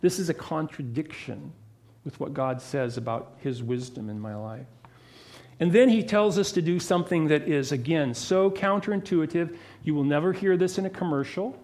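A man preaching a sermon as pastor, earnest and emphatic, who drops into a lowered, quiet voice when he prays. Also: moderate pace.

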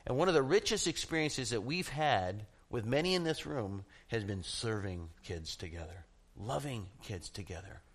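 Man, middle-aged pastor, lively sermon, jokey storyteller, laughs a lot. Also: fairly low pitch, moderate pace. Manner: animated, self-mocking storyteller who laughs at his own jokes.

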